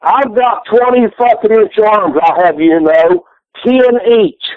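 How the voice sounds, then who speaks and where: Southern man, high voice, profane rambling jokes, tinny phone line, dry sound. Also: slow. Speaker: guest wrestler. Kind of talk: phone-in interview. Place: his living room.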